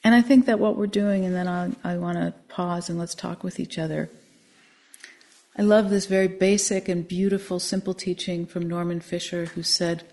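A woman meditation teacher giving a dharma talk, gentle and reflective with frequent pauses. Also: fairly low pitch, steady tone.

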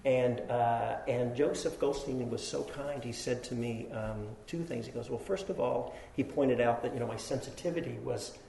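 A man's voice: medium pitch, normal speed, creaky, hardly any pauses, dark tone, echoey room, a little hiss or hum, poor audio. A man giving a dharma talk, telling a self-deprecating personal story with laughs and then teaching. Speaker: meditation teacher.

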